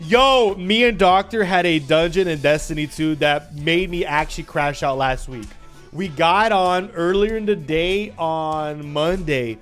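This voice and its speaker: A man's voice: a little high, measured pace, fairly bright tone, faint music behind. A young man livestreaming, chatting casually and teasing his chat with playful mock rants.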